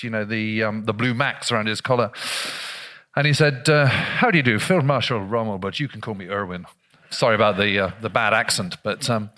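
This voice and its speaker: A man's voice: mid-range voice, bright, forceful tone. A man, a historian, giving a live public talk to an audience in a chatty, self-deprecating way, full of fillers and restarts. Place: live event venue before an audience.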